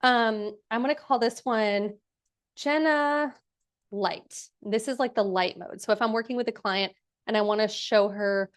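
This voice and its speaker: A woman's voice: medium pitch, fairly even intonation, normal speed. A young woman hosting a live workshop, walking through a design tool in a chatty, enthusiastic way with many fillers. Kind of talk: casual live screen-share demo.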